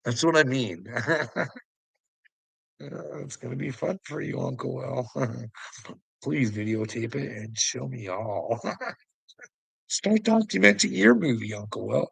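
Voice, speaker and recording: Chuckling frequently, this man taunts a critic in a loose, rambling rant full of swearing, addressing him as "bud" the way a vlogger firing back might. His mid-range voice is husky and creaky, moving at a slow pace with frequent pauses. The audio is dry and of low quality.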